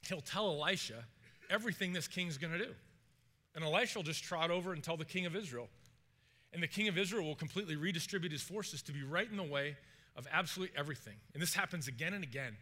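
Animated high-voiced man preaching. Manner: animated storytelling, acts out characters' panic, asks the congregation questions. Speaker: pastor. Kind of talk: sermon.

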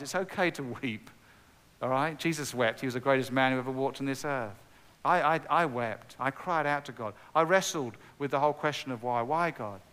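A middle-aged male preacher with a smooth, resonant voice gives an earnest testimony. He repeats himself and builds to emphatic peaks. His words ring out with a long reverb in a large hall. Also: medium pitch, fairly bright tone. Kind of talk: sermon.

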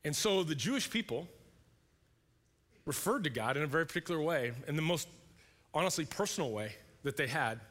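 Guy preaching in a church, chatty and animated, bright forceful voice, big echoey hall. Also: fairly high pitch, brisk, pauses often. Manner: conversational, animated, acts out voices. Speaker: pastor. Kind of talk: sermon. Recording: long hall reverb.

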